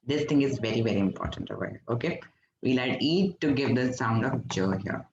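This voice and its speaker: A man's voice: mid-range voice, fairly quick, creaky, background noise. A man from India teaching a French lesson to an online class, patiently explaining step by step and quizzing his students. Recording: roomy, dull lo-fi recording.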